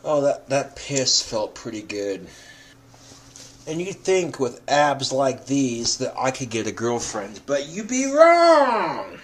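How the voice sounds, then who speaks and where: A drunk man rambling to the camera, swearing often and breaking into loud outbursts. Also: mid-range voice, expressive, slow pace. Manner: profane, swings into loud outbursts.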